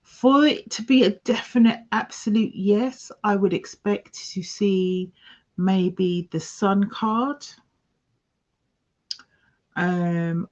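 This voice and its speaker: A woman giving a casual tarot reading, talking slowly through each card as she lays it out. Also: medium pitch, a little mellow. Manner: slow, musing, talks through each card. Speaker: tarot reader. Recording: dull lo-fi sound.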